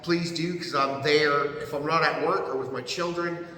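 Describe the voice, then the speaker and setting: A man in his fifties with an American accent, a podcast guest telling stories in an animated, profane way and laughing often. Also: fairly high pitch, moderate pace, slight background noise. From United States. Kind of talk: casual storytelling. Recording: echoey room.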